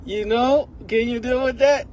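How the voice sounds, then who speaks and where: A man's voice: very high-pitched, steady tone, a little slow, a little mellow, slight background noise. A man giving a rambling comedic monologue, laughing often.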